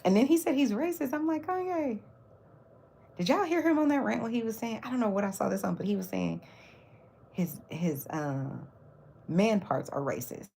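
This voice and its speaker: A woman's voice: on the high side, animated, moderate pace, vocal fry, mellow, breathy edge. A woman hosting her own livestream, chatting casually about celebrity gossip with mocking asides. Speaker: livestream host.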